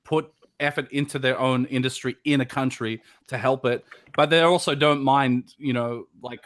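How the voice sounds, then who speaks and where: An Australian man co-hosts a live podcast in a casual, rambling way. He often restarts his sentences. His voice sits at an average pitch. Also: steady tone, moderate pace, a bit bright. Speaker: podcast co-host.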